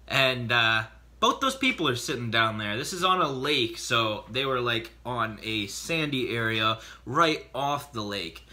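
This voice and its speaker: A man vlogging, telling a funny personal story in an animated, joking way with quick bursts of speech. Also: medium pitch.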